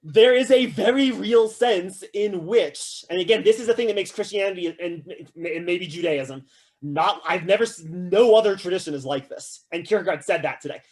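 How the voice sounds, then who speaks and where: A man giving a casual, animated philosophy lecture to a class, often checking in with "right?" and acting out quotes with humor. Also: high voice, moderate pace. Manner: acts out quoted voices with humor.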